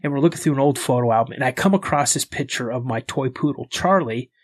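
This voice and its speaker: An American man appears as a guest on a podcast, recounting a story in a relaxed, lively manner and performing the voices of its characters. His voice sits in the middle range and moves quickly, with no room echo audible.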